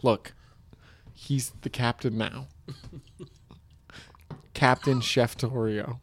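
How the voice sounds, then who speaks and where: A man's voice: mid-range voice, steady tone, drawn-out words, slight background noise. A man improvising a deferential ship officer who relays absurd orders and keeps breaking into giggles. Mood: harried. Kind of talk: improv comedy scene.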